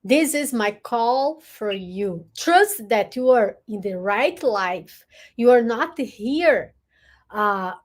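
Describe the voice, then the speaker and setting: A woman hosting a live stream, giving earnest, encouraging relationship advice in a deliberate way. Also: on the high side. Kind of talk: motivational live talk.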